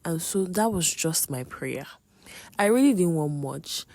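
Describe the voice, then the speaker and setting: A young woman hosting a podcast, telling a personal faith testimony in an expressive way, with sudden exclamations. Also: fairly low pitch, a little slow. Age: young adult. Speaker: podcast host.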